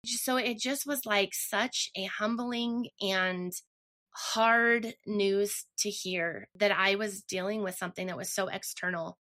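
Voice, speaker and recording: A woman's voice: medium pitch, pushed and bright. A woman telling her personal story earnestly and emotionally, often restarting her sentences. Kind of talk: personal testimony.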